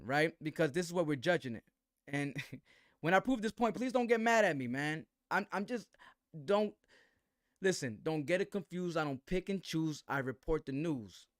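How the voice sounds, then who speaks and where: A man's voice: fairly high pitch, no echo, clean studio sound. A man hosting a live boxing commentary stream, talking in slang with a defensive tone and asking "right?" again and again.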